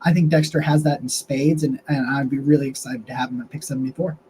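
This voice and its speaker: A man's voice: mid-range voice, level tone, fast talker, warm tone, slight background noise, poor audio. A young man casually breaking down football draft picks on his own show, talking loosely with restarts and fillers, a touch hiccupy. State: has the hiccups. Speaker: sports podcast host. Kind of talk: casual sports analysis monologue.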